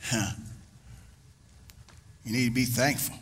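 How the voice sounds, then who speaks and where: A man preaching a humorous sermon with call-and-response to his congregation, swinging between shouts and low asides. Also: steady tone, slow, husky. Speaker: pastor. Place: church sanctuary. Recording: reverberant hall with congregation and noise.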